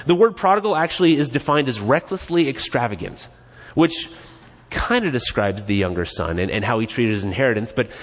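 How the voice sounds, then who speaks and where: A male pastor delivers a relaxed, humorous sermon in a conversational tone. His voice sits at a middle pitch. A long reverb from the church sanctuary hangs behind his words. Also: brisk. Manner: casual, joking, animated.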